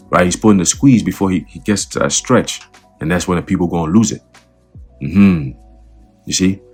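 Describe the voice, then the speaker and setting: A man's voice: low voice, breathy edge. A man giving casual religious and political commentary in a conversational way, repeating words and checking in with the listener. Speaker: online commentator.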